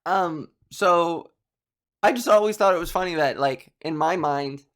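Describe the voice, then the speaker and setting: A man's voice: a little high, a little slow. A young Canadian man, a comedian, rambling through self-mocking stories and laughing at his own jokes. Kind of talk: rambling stand-up storytelling.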